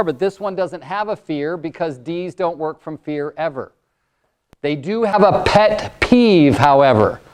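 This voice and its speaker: With a smooth, fairly high voice, an older male motivational speaker and coach from California delivers a live workshop presentation. He is energetic and wordy, speaking loud and fast.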